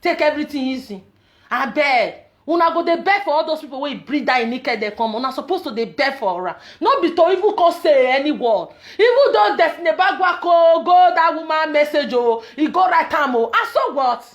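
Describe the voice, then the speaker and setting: Woman, Nigerian Pidgin accent, vlogger, very high pitch, emphatic ranting delivery. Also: expressive, a little fast, hardly any pauses. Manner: emphatic, repetitive, loud outbursts. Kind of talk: ranting commentary.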